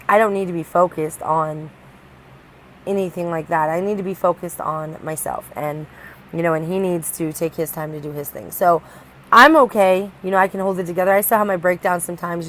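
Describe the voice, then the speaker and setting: Low-voiced woman vlogging candidly. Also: fairly bright tone, poor audio. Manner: candid, rambling, with many restarts. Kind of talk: personal confessional vlog.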